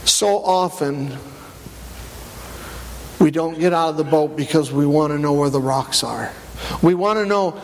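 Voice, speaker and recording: A man preaching a sermon, animated, rising to loud peaks and dropping low. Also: a little slow, long pauses. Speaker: pastor. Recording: long church hall reverb.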